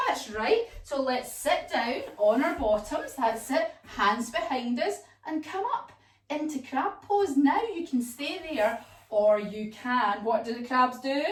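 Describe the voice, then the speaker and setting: A woman teaching a children's yoga class as a story, animated and sing-song with playful sound effects. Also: high-pitched, slow pace. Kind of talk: storytelling kids' yoga lesson. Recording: echoey room, voice from far off.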